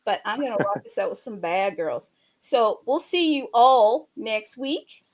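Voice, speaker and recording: Hosting a crypto livestream, a woman speaks at a measured pace in a fairly high pitch. She's energetic, chatty and unabashedly salesy while promoting a wallet and marketplace.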